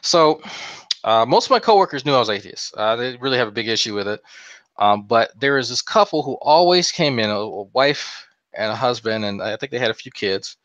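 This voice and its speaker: A man's voice: mid-range voice, lively intonation, brisk, a bit bright, no echo. A man casually telling a long anecdote on a group talk show, acting out quotes as he goes. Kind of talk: casual storytelling. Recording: slightly dull lo-fi sound.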